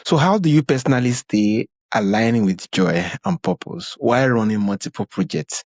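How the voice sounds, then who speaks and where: A man's voice: mid-range voice, animated, normal speed, a little mellow, dry recording, highs cut off. A man hosting an interview, reacting with short admiring words and asking questions. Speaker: podcast host.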